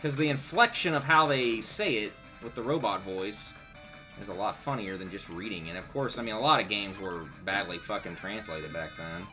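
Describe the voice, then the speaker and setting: A man chats on a live game stream with game music playing behind him. His pitch swings widely as he rambles, laid-back and full of swearing. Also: lively intonation, normal speed, pushed and bright. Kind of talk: casual live-stream chat.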